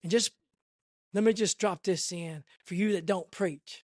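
A man preaching a sermon in an impassioned, repetitive way that swells toward near shouting. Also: high voice, a little slow, dry recording, clean studio sound.

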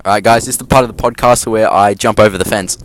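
A man's voice: fairly low pitch, steady tone, quick pace, low-quality recording. A man hosting a joking podcast outdoors in a park, announcing each segment in a mock-formal way. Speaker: podcast host. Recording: wind and background noise outdoors.

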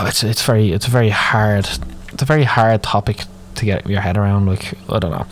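A man's voice: on the low side, fairly even intonation, moderate pace, fairly bright tone, a little hiss or hum. Sweary Dublin man ranting. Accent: Irish, Dublin. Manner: moaning, sweary, rambling. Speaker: podcast host. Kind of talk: solo ranting podcast.

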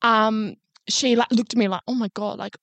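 A woman's voice: fairly high pitch, steady tone, moderate pace, fairly bright tone, dry recording. A young woman, co-hosting a casual podcast, rambling and swearing with plenty of "like" fillers. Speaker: podcast co-host. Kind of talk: casual chat.

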